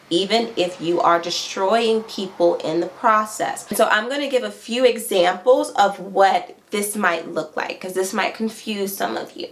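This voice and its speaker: A woman coach speaking directly to viewers, who repeats her phrases and asks "right?" as she explains. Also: poor audio. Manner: acts out quoted voices with raised pitch. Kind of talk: instructional talk to viewers.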